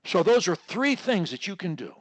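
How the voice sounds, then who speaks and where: A man coaching one-on-one over a video call, explaining techniques in a deliberate, instructive way and drawing words out. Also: sits high, sing-song, no echo. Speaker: speech coach.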